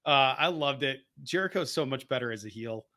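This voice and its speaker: A man co-hosting a podcast in casual chat, excitable and rambling, often laughing as he talks. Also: medium pitch, fairly quick. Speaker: podcast co-host.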